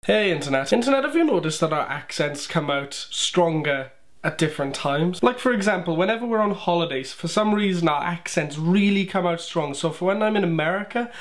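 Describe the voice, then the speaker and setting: Welsh man, vlogger, high voice, chatty. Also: animated, fairly quick. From Wales. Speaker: YouTuber. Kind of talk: casual vlog.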